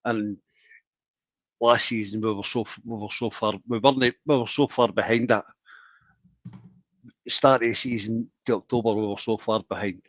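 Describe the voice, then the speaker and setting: A man calling into a football phone-in, talking passionately in quick bursts. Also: lowish voice, steady tone, dry recording. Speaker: caller. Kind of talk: casual phone-in chat. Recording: dull dry phone line.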